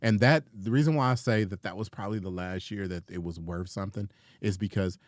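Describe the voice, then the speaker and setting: A man's voice: fairly low pitch, a little fast, no room sound, studio quality. A middle-aged comedian telling profane stories in casual podcast chat, acting out the people he quotes. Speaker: comedian guest.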